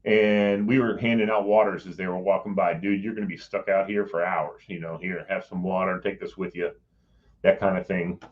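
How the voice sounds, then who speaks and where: Middle-aged man telling an animated story. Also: sits low, normal speed, lo-fi sound. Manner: animated, acts out quoted voices, chuckles mid-sentence. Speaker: guest recounting a personal story. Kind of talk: casual storytelling chat.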